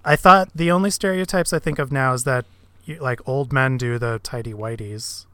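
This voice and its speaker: Man, podcast co-host, casual comedic chat, reads comments, bright voice. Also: mid-range voice, moderate pace, no echo. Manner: reads out comments with amused asides.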